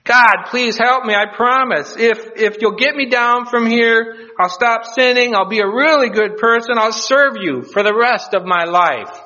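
Man putting on a desperate cliff-hanger guy, high shrill yells, panicked pleading, bright tone, dull lo-fi sound. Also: a little slow, few pauses, full character voice. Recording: dull lo-fi recording.

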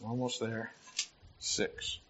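A man delivers a sermon, reading scripture verse by verse and breaking off to explain it in a plain, conversational way. He often stops mid-phrase and restarts as he talks. His voice sits in a middle pitch, and the recording sounds a little dull and lo-fi. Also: flat delivery, extremely slow, fairly bright tone, slight background noise. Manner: conversational Bible teaching with asides and restarts. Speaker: pastor.

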